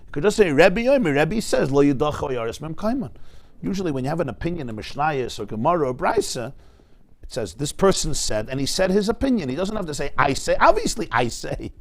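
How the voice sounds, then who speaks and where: A man with a fairly high voice teaches a Talmud class. He talks straight to his students, firing rhetorical questions and swinging from loud, emphatic bursts to soft asides. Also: big pitch swings, a little fast.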